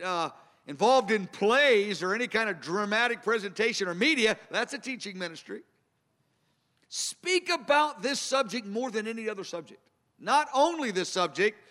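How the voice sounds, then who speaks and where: A man's voice: high-pitched, bright, forceful tone. A man preaching a sermon, earnest and emphatic, circling back to repeat his key phrases. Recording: long hall reverb.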